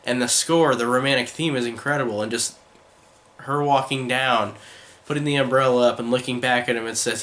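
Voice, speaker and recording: A man's voice: medium pitch, steady tone, fairly quick, a bit bright. Enthusiastic rambling male film reviewer. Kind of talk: casual spoken film review.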